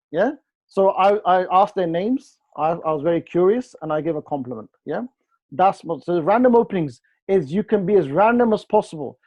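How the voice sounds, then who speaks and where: A man leading an online training session, talking in a lively, joking way and acting out short dialogues. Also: high-pitched, dry recording. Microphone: video call. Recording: dull lo-fi video call audio.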